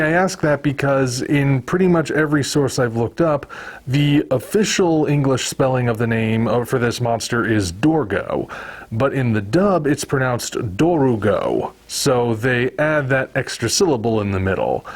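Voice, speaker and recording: Male video reviewer, mid pitch, casual musing delivery with wry asides.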